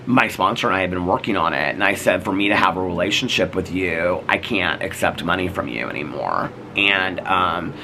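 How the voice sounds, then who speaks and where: Chatty deep-voiced man telling a story. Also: moderate pace, creaky, hardly any pauses, noisy background. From United States. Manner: chatty, full of "like" and "you know", acts out quoted exchanges. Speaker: vlogger. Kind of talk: casual storytelling to camera.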